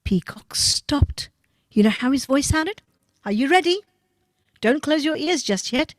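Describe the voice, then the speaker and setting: A woman telling a children's story in a dramatic, expressive way, with gasps and asides to her listeners. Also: high voice, moderate pace, no echo, studio quality.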